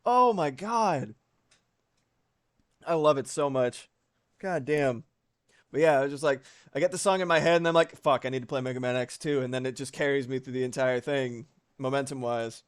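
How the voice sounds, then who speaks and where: A man's voice: mid-range voice, moderate pace, long pauses, clear, resonant tone, no echo, studio quality. A young man chatting casually on a livestream while he draws, rambling and swearing with lots of fillers. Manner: animated, profane, rambling with many fillers. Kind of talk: casual chat while drawing.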